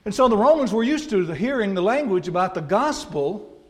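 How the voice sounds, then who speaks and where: A man's voice: high-pitched, big pitch swings, brisk. A man with an Alabama accent preaching a sermon, teaching in a folksy, conversational way with homey asides. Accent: Southern American, Alabama. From North Alabama.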